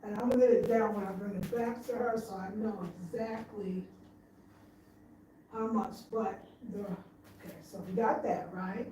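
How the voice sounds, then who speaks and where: A woman talks through her living room design in a loose, chatty vlog, thinking aloud and circling back over her ideas. Her voice is mellow and dark. The room is echoey, with a faint hum behind her. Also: medium pitch, steady tone, normal speed. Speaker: home design vlogger. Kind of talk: casual home-tour vlog. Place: living room at home, indoors.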